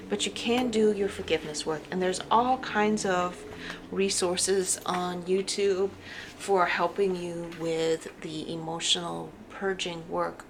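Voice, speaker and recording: A woman giving a casual tarot reading to camera, talking in an animated way and repeating words for emphasis. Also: lowish voice, gravelly, background noise. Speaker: tarot reader.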